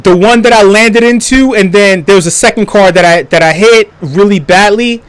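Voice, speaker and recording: High-voiced young man, stammering storyteller. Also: normal speed, clear, resonant tone. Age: young adult. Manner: profane, stammering restarts, laughs while telling. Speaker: live stream storyteller. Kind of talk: casual storytelling on a live stream.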